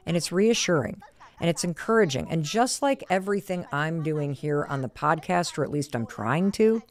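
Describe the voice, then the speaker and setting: A woman hosting her podcast in a casual monologue. Her voice sits a little on the low side, and she speaks earnestly and from the heart, often in quick bursts. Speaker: podcast host.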